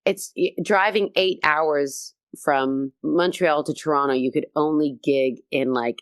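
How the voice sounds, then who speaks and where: A woman comedian chatting as a guest in an interview, telling stories with high energy. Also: measured pace, dry recording, studio quality. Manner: high-energy, animated storytelling. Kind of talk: casual interview chat.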